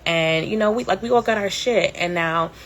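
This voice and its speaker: A woman's voice: medium pitch, moderate pace, a bit bright, soft background music. A woman in her thirties talking candidly and casually to a live audience, rambling with plenty of fillers and swearing. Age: 30s. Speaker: podcast host. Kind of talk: casual storytelling on a live stream.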